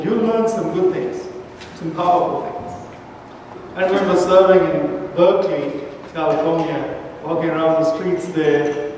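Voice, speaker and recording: A man's voice: high-pitched, a little mellow, a little hiss or hum. A male pastor delivering a sermon in a church, telling stories from the streets and acting out the voices in them. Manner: storytelling, acts out street voices in quotes. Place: large church sanctuary. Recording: echoey church hall, mic from far off.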